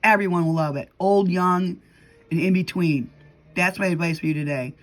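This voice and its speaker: A woman's voice: lowish voice, moderate pace. A middle-aged woman vlogging in a heated, casual storytelling rant, acting out what people said to her. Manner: heated, storytelling, acts out quotes.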